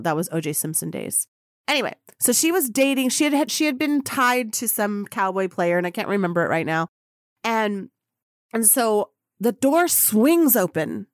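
A woman podcast host telling a story in an excitable way, acting out the voices of the people in it. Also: medium pitch, dry recording, studio quality. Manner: acts out quoted voices, excitable. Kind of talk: animated storytelling.

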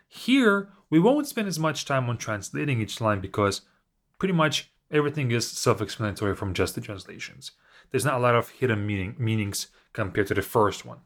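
A man teaching a language class, reciting poems slowly and expressively, then explaining each line in a reflective, halting way. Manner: slow, expressive recitation with lively pitch. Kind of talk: reading and explaining poetry.

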